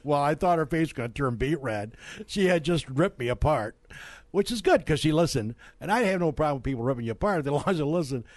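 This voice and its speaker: A middle-aged man hosting a local radio show, telling a story in a studio with lively asides and laughs. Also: fairly high pitch, fast, no room sound. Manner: animated storyteller, laughs mid-sentence. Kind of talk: casual storytelling and sponsor reads.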